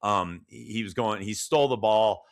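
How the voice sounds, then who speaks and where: A middle-aged man co-hosting a podcast, telling stories conversationally with big upward jumps in pitch when he retells a scene. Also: a little slow, creaky. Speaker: podcast co-host.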